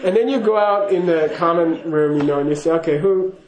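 A man's voice: on the high side, brisk, echoey room, a crowd in the background, rough recording. A man giving a casual spoken teaching to a class, chatty and laughing, often checking in with "okay?". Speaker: Buddhist teacher.

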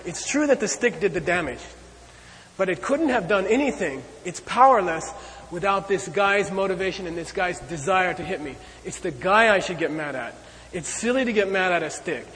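A man teaching a lecture on Buddhist ideas, talking in an animated, conversational way and checking in often with "okay?" and "you know.". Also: sits high, normal speed, slight background noise. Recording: long hall reverb.

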